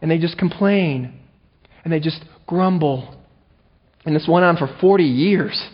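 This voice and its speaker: A male pastor preaches in a fairly high voice, animated and playful, breaking into self-mocking asides. The recording is dull and lo-fi, with a muffled top end. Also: measured pace, slightly rough. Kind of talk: sermon.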